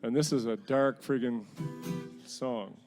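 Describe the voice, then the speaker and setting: A man's voice: medium pitch, slow pace, music in the background. Middle-aged songwriter guy, rambling self-mocking stories between songs, chuckles a lot. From New Brunswick, Canada. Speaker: singer-songwriter. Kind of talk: storytelling between songs at a house concert. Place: living room at a house concert.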